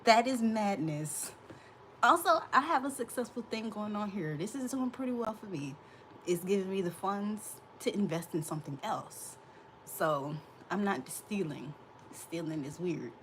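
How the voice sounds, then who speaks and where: A woman's voice: medium pitch, animated, unhurried, slight background noise. A woman in her thirties hosting a casual livestream, sassy and laughing, talking back to her chat from a hot room. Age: 30s. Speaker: livestream host.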